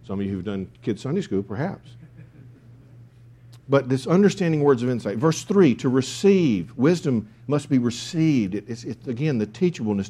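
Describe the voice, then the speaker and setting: A man's voice: mid-range voice, warm tone. A man preaching a sermon, emphatic, with key phrases repeated. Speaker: pastor.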